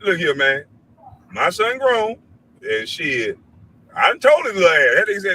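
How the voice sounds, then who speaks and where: A middle-aged man rants into his show with a high, bright, cutting voice. He swears freely and preaches at his listeners. Now and then he mimics other people in an even higher voice. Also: normal speed, pauses often, rough recording. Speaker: show host. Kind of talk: heated commentary rant.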